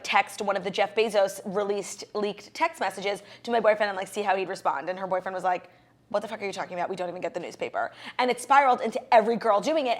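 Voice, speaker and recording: A woman co-hosting a podcast, telling stories in casual, animated chat with bursts of laughter. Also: medium pitch. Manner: chatty, animated storytelling with bursts of loud laughter. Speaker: podcast co-host.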